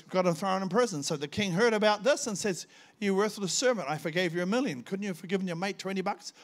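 Older man preaching. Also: a little high. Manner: animated storytelling, acting out dialogue. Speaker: visiting preacher. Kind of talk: sermon with personal testimony.

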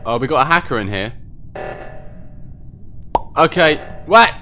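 A man giving excitable live commentary on his own gameplay, quick to get worked up and swear at other players. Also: fairly high pitch, soft background music. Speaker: gaming video host.

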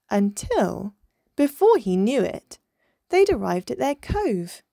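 A woman reading a children's picture book aloud in an expressive, measured way. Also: on the high side, vocal fry, no room sound, studio quality. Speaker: storyteller.

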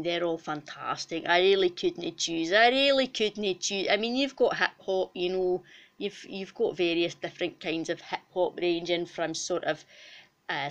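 A woman's voice: on the low side, lightly acted. A woman voicing a foul-mouthed female cow mascot with a Scottish accent, boisterous and rowdy in a comic puppet interview. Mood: enthusiastic.

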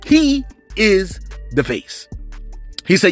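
Man, casual celebrity commentary host, lively rising pitch, keeps saying "man", light music behind. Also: fairly quick. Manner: animated, repeats "man" and "you know what I'm saying". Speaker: celebrity news channel host. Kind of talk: casual commentary with viewer shout-outs.

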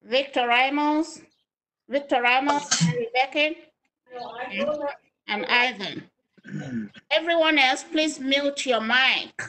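A woman moderating online student presentations, giving slow, direct instructions. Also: high-pitched, bright, forceful tone, rough recording.

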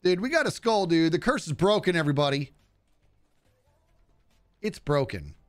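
Here a gaming streamer with a higher-than-average voice plays a video game live, speaking at a moderate pace. He's animated and casual, joking and talking back to the enemies on screen.

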